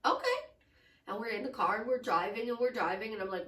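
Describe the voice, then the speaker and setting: Animated woman coaching, echoey distant sound. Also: a little high, fast talker. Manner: animated storytelling, acts out quoted dialogue. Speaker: life coach. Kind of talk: casual coaching talk.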